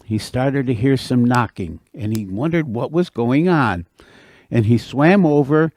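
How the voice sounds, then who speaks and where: Male storyteller, lively swinging pitch, dry close sound, expressive folktale telling. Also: dry recording. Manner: animated, expressive, repeats for effect. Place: senior center.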